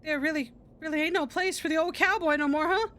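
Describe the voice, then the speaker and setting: A woman's voice: high-pitched, fairly even intonation, fast talker, fairly bright tone, voice pushed up. A woman doing a drawling old cowboy. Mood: wistful. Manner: folksy drawl, homespun phrasing. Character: folksy old male cowboy, wistful and drawling.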